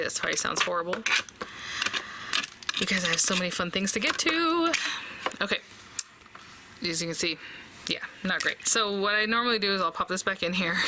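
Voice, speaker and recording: A woman's voice: lowish voice, noisy background. A woman hosting a casual papercraft tutorial, chatty and thinking aloud as she talks to her viewers. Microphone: close desk mic.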